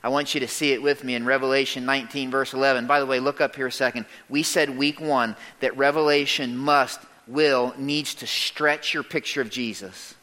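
A man preaching a sermon to a congregation, reading scripture aloud, calling on listeners to respond and shouting out exclamations. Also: medium pitch, fairly even intonation, normal speed, hardly any pauses, in a large hall. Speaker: pastor.

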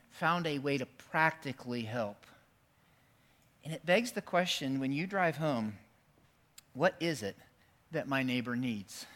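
A man preaching a sermon in a church, swinging between loud, emphatic peaks and quiet, intense stretches. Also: a little high. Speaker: pastor.

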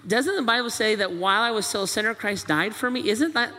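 A man's voice: high-pitched, fast, pushed and bright. A man preaching a sermon as pastor, pressing his point with repeated rhetorical questions. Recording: long reverb of a large hall.

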